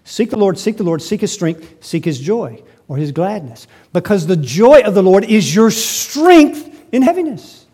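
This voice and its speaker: Male pastor mid-sermon, high-pitched voice; animated delivery with big loud peaks and hushed asides. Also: normal speed, few pauses, husky. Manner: animated preaching, swinging from loud emphasis to quiet asides.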